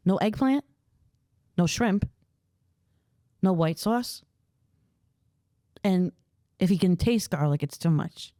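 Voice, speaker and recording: A middle-aged woman hosts a casual podcast from home, spinning quick, teasing stories. Her voice sits a little low and mellow. The sound is close and dry. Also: no echo. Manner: animated storyteller, quick and teasing. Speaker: podcast host. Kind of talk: casual chat.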